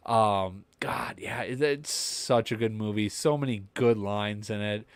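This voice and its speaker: Smooth-voiced man in casual podcast chat. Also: fairly low pitch, measured pace, dry recording. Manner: rambling, enthusiastic movie talk. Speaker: podcast co-host.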